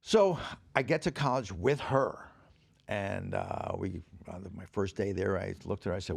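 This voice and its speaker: An older man, a podcast guest, telling stories in casual chat, animated and profane, laughing as he acts out the people he quotes. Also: deep voice, moderate pace, vocal fry, breathy edge, dry recording. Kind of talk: casual storytelling.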